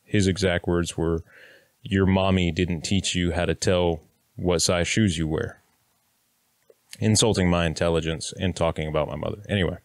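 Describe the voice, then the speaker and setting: Deep-voiced blunt man telling a story. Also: steady tone, moderate pace, no room sound, clean studio sound. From Kansas, United States. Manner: blunt, plainspoken, occasional swearing, acts out quotes. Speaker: vlogger telling his prison story. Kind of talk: casual storytelling to camera.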